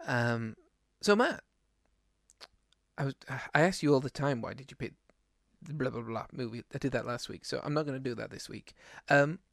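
A man's voice: mid-range voice, normal speed, vocal fry, a bit bright, no echo, clean studio sound. A man co-hosting a casual podcast, rambling and self-deprecating, with lots of fillers. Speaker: podcast co-host. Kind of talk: casual chat.

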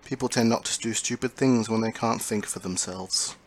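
A cold, smug villain who commands a cyborg swarm, as a man puts him on. He speaks low and soft, drawing out words in sneering half-whispers. A faint hiss sits under the recording. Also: normal speed, close to an everyday voice. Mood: menacing.

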